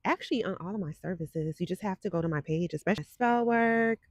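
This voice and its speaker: A woman in her forties hosts a psychic livestream, chatting sassily and speaking straight to her viewers in casual conversation. Her medium-pitched voice moves fast, picked up by a desk microphone with no room sound.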